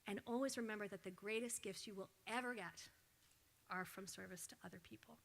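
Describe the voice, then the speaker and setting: A woman's voice: medium pitch, brisk, gravelly. A middle-aged woman giving an award acceptance speech, telling a personal story and acting out her son's words. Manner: storytelling, acts out her son's lines with animated voice.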